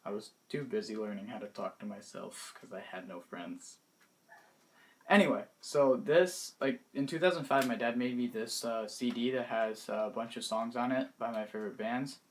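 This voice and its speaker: A young man in his late teens casually talking through his favorite music in a vlog, hesitant and pausing often, his words trailing off softly. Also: medium pitch. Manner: hesitant, many pauses and restarts, trailing off softly. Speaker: vlogger.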